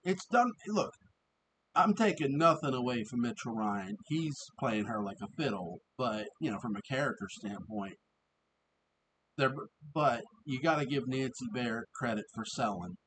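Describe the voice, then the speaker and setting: A man's voice: medium pitch, animated, moderate pace, fairly bright tone, a little hiss or hum, low-quality recording. Rambling man reviewing an old TV episode. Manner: rambling, many restarts and fillers, laughs often. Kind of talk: casual review monologue.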